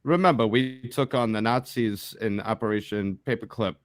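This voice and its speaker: A man's voice: lowish voice, moderate pace, no room sound, studio quality. A man from the United States co-hosting a live stream, chatting bluntly and profanely and often talking over the others. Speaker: co-host. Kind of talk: casual chat on a live stream.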